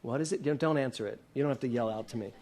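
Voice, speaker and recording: A man's voice: medium pitch, rapid-fire, a little mellow. A man in his sixties giving a sermon to a congregation, posing many questions and joking with the room. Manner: asks the congregation many questions, playful and laughing at times. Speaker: minister. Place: church hall with a congregation.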